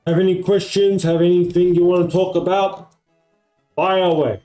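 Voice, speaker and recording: A man's voice: sits high, level tone, moderate pace, warm tone, faint music behind, rough recording. A man from Australia with an American-sounding accent, chatting casually on a live stream in a rambling way, full of fillers. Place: home at night.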